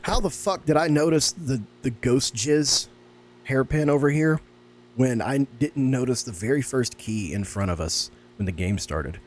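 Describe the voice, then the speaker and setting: A man giving excitable, sarcastic let's-play commentary on a horror game as a gaming YouTuber. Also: mid-range voice, measured pace, a little hiss or hum.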